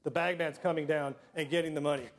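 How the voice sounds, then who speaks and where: A middle-aged man telling personal stories to a live audience, self-deprecating, with comic timing and frequent throat clearing. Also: a little high, fairly even intonation, quick pace. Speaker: storyteller.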